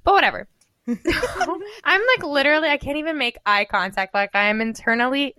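A woman in her twenties, co-hosting a podcast, telling a story in casual chat and acting out every quote with animated swings of voice. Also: moderate pace, no echo, clean studio sound. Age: 20s. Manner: animated, acts out quoted dialogue with big pitch jumps and laughter. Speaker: podcast co-host.

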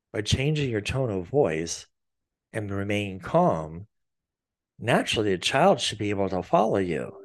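A middle-aged man, a therapist, talks through his ideas at a very slow, unhurried pace. His voice sits at an ordinary middle pitch. Now and then he acts out soft, gentle lines a parent might say. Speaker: therapist and podcast host. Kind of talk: calm explanatory talk.

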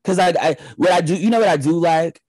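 A young man from the Detroit area chatting as a podcast guest, telling animated stories. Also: fairly high pitch, fast talker, slightly rough, poor audio. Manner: animated storyteller, acts out family voices. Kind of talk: casual chat.

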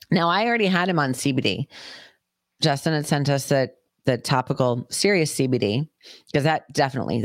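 A woman's voice: a bass voice, no room sound, clean studio sound. A woman podcast host telling a personal story in a casual, swearing, chatty way. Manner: profane, chatty, acts out quoted voices.

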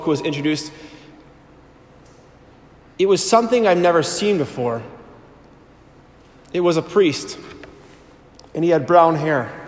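A priest in his thirties telling his personal testimony to a live audience. He tells it with animated storytelling and acts out the voices he quotes. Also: a little high. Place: large hall before an audience. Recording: echoey hall with long reverb.

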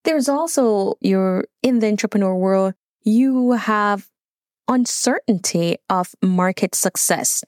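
A middle-aged Jamaican woman delivers a solo business talk, reading her points and then stepping aside to share her own experience. Her voice sits at an ordinary middle pitch. The recording is dry and close, with no room echo. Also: takes it slowly, a little mellow. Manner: reads points then adds personal asides.

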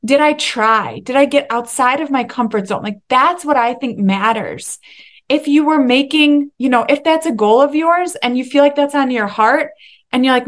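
A young woman hosting a solo faith-based podcast, talking in an excitable, emphatic way and at times laughing or tearing up. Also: sits high, normal speed. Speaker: podcast host.

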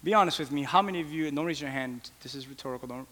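A man preaching a sermon with impassioned pleas that rise toward shouting. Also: on the high side, very fast. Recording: long hall reverb.

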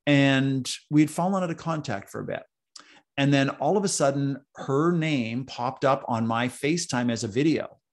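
A man with a gravelly edge in his voice talks as a podcast guest. He is earnest and tells personal stories, repeating words for emphasis in a relaxed, casual conversation. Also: medium pitch, normal speed. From North America, East Coast. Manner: earnest, storytelling, emphatic repetition. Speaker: podcast guest, executive coach.

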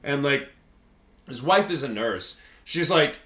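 A man co-hosting a podcast, telling a long story in a rambling way with constant swearing. His voice is bright with an average pitch. The room has a noticeable echo. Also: expressive, slow. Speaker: podcast co-host. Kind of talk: casual chat, storytelling.

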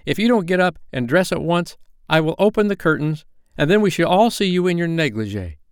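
A man's voice: on the high side, lively intonation, moderate pace, darkish tone, clean tone, dry recording, studio quality, voice pushed up, lightly acted. A man doing a proud, commanding boy leader. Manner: commanding, clipped delivery. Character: proud boy leader who never grows up.

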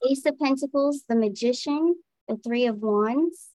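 Female tarot reader, bit high-pitched, dry mic, easy musing delivery. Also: unhurried, dry recording. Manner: relaxed, thinking aloud while reading cards. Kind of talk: casual tarot reading.

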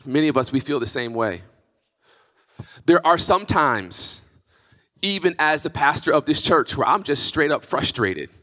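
Impassioned male pastor, high bright voice. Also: big pitch swings, unhurried, long pauses. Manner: impassioned, emphatic preaching that rises to near-shouts. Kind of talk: sermon. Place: church sanctuary. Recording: reverberant church hall.

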